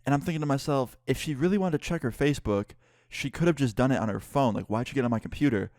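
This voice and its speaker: A man's voice: medium pitch, fast, darkish tone, no echo, clean studio sound. A young man casually retelling a personal story for his channel, candid and cursing freely. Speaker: YouTuber.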